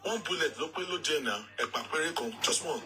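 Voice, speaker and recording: A man with a Nigerian accent giving animated casual commentary as a vlog co-host, often repeating "yeah.". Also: a little high, fast talker, rough recording.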